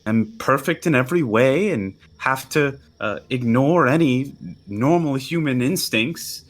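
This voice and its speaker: A man's voice: medium pitch, lively intonation, unhurried, breathy edge, pitched above the performer's own voice. A man voicing a guarded, resentful young half-celestial woman in a tabletop game, speaking with sarcastic bite. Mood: mocking.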